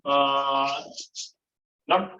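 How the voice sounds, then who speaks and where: A man running a live workshop exercise, counting votes aloud and moving the group along briskly. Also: mid-range voice, bright, forceful tone, a little hiss or hum. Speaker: workshop facilitator. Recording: dull lo-fi room recording.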